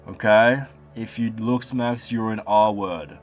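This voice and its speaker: Low-voiced young man rambling casually. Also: fairly even intonation, slow pace. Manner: rambling, profane, mock stammering. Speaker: vlogger. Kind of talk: casual storytelling monologue. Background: background music.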